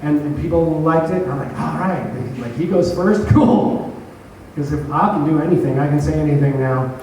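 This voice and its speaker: A man with a fairly high voice tells a rambling, swear-filled story about his own stand-up set, laughing at himself as he goes. He sounds far from the mic, in a very echoey room. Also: fairly quick, a little hiss or hum. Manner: profane, self-mocking, animated retelling. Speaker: stand-up comedian telling a story. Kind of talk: casual storytelling chat.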